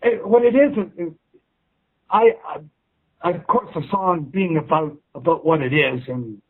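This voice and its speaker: A musician being interviewed casually by phone has a fairly high voice and a measured pace. The line sounds tinny, and he keeps restarting his sentences while swearing freely.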